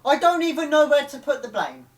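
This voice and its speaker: A man's voice: very high-pitched, expressive, a little fast. Angry man ranting. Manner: angry ranting with frequent swearing and outbursts. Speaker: reaction video host. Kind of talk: live reaction vlog.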